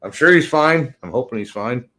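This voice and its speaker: A man in loose casual chat with a bright, forward voice. He swears freely, rambles and lets his sentences trail off. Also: mid-range voice, expressive, moderate pace.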